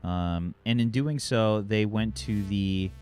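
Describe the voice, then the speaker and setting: A man acting as game master, recapping the story with many pauses and fillers. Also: fairly low pitch, darkish tone, smooth. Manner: halting recap, many ums and uhs. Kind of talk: narrating a tabletop game.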